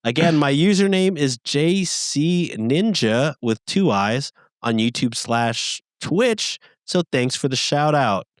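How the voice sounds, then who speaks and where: A man co-hosting a podcast, casually reading listener messages aloud with lively, rising emphasis. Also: fairly high pitch, slow, few pauses, no echo.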